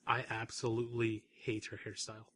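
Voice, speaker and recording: A man's voice: lowish voice, completely flat delivery, a little fast, fairly bright tone. A man co-hosting a podcast, chatting casually and giving blunt, dismissive opinions. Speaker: podcast co-host. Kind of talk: casual chat.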